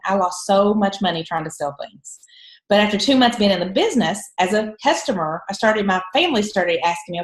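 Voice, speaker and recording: A woman's voice: mid-range voice, expressive, moderate pace, echoey room, low-quality recording. A woman with a heavy eastern Kentucky Appalachian accent telling her story candidly on a conference call, laughing often. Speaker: guest trainer. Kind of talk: conference call training talk.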